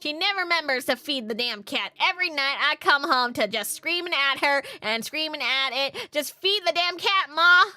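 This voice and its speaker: A woman voicing a gruff, complaining clerk in a video game, in a raised, higher voice. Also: expressive, moderate pace, few pauses, sharp tone, dry recording, exaggerated voice. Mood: irritated.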